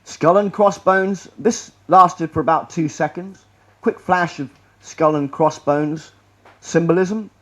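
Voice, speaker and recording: A man's voice: on the high side, slow, fairly bright tone. A man giving a rambling, sarcastic presentation to an audience in a lecture room, often restarting his sentences. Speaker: public speaker.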